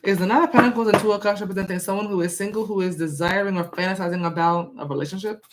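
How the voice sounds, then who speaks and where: A woman's voice: mid-range voice, steady tone, rapid-fire, heavy background noise. Chatty woman doing tarot readings. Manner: chatty, many fillers, reads viewer comments aloud. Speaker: tarot reader. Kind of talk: casual live-stream tarot reading.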